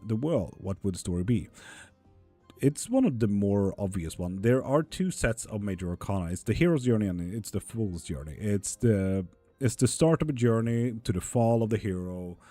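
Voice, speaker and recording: A man's voice: lowish voice, warm tone. A man reading tarot on a live stream, chatting casually with viewers, calling them honey and swearing freely.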